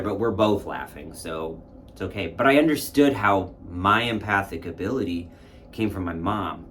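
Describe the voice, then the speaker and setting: A man's voice: deep voice, lively intonation, brisk, a little hiss or hum. A man casually telling a candid, reflective personal story and acting out his own past thoughts. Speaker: spiritual content creator.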